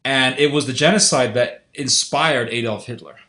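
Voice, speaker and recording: A man's voice: medium pitch, normal speed, bright, forceful tone, roomy sound. A man giving an unscripted commentary monologue, earnest and insistent, who often repeats and restarts his phrases. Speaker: online video commentator.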